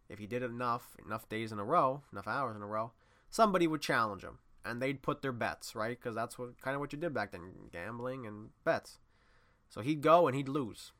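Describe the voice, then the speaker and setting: A man talking off the cuff as a podcast host, telling a long story in a loose, rambling way. His voice is bright and forceful, at an everyday middle pitch. He drops to a low mutter, then jumps up loud when he gets excited. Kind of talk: casual monologue.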